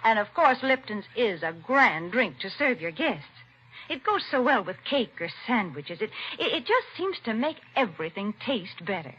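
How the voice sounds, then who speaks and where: A woman's voice: mid-range voice, big pitch swings, moderate pace, pushed and bright, slightly rough. A woman co-hosting a 1940s radio show and reading the sponsor's message in a sweet, practical way. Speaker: co-host and ad reader. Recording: dull lo-fi 1940s radio recording.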